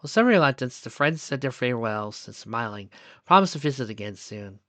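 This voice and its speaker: A man reads fan fiction aloud in a soft, steady storytelling voice. His pitch sits in the middle, and the sound is dry and close with no room around it. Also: fairly quick, no echo. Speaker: narrator.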